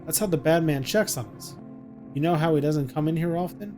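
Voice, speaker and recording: Guy doing a scared young mom whispering to her kid, kinda high voice, faint music behind. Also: a little fast, lightly acted. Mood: hushed, coaxing. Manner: hushed and soothing, coaxing a child. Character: frightened young mother protecting her son. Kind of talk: reading game dialogue aloud.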